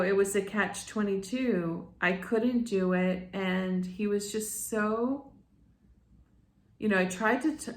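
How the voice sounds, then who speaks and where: Slow, rambling middle-aged woman in an echoey room. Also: lowish voice. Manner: rambling, addresses viewers as "you guys", many restarts. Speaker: medium and channel host. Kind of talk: casual monologue to viewers.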